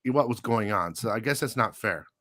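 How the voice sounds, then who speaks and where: A man's voice: on the low side, expressive, normal speed, sharp tone, no echo. A man hosting a live comic book show, telling a story casually with profanity, frequent laughs and lots of "dude".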